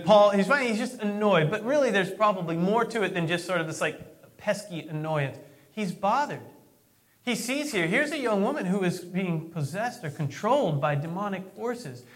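High-voiced guy preaching a sermon, chatty storyteller, repeats himself. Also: a bit bright. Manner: conversational, storytelling, repeats words when starting. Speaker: pastor.

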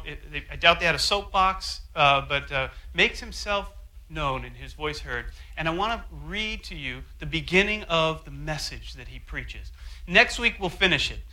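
A man preaching a sermon, telling a story with animated asides and acting out quotes. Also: fairly high pitch, poor audio. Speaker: pastor.

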